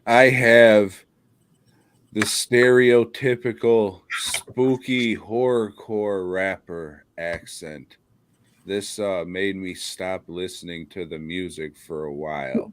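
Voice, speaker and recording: A man's voice: low-pitched, fairly even intonation, takes it slowly, no room sound. A man co-hosting a podcast, ranting bluntly with lots of swearing and laughter. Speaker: podcast co-host. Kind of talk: casual podcast chat.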